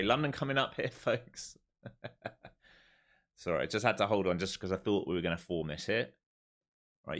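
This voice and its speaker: Man, live trading stream host, low-ish voice, joking, repetitive, urging commentary. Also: fairly bright tone.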